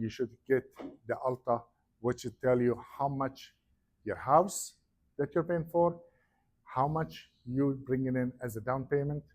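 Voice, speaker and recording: A man giving a real estate seminar, telling stories animatedly and acting out the people in them. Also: medium pitch. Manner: animated storyteller, acts out quoted voices. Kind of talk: seminar talk to an audience.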